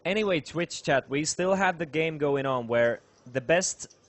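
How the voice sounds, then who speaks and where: A man's voice: fairly high pitch, lively intonation, unhurried, no echo. Man calling poker play-by-play. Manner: laughs easily, play-by-play. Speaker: poker commentator. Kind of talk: live poker commentary.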